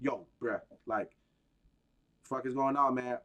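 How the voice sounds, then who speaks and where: A man's voice: mid-range voice, takes it slowly, fairly bright tone, highs cut off, pitched below the performer's own voice. A man putting on an exasperated male official who grills a tech boss with slang and curses.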